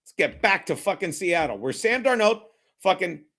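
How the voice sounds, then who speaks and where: This is profane live sports watchalong commentary from a man whose high, sing-song voice moves at normal speed with a fairly bright tone. He reads the chat and calls the plays, brash, mocking and rambling, swearing heavily.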